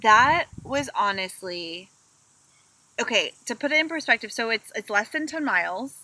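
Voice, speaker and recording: A woman co-hosting a casual travel podcast, telling stories with animated energy and acting out what people said. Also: on the high side, normal speed, no echo, rough recording. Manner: animated storyteller, acts out quotes. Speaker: podcast co-host.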